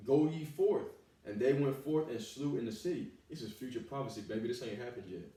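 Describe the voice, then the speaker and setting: A man preaching a fiery sermon in blunt street slang, reading scripture aloud in a loud, emphatic voice. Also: medium pitch, fairly quick. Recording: very echoey room, voice far from the mic.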